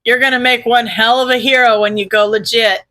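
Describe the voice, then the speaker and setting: A woman's voice: on the high side, fairly even intonation, fairly quick, bright, forceful tone, low-quality recording. A woman doing an earnest male pro hero.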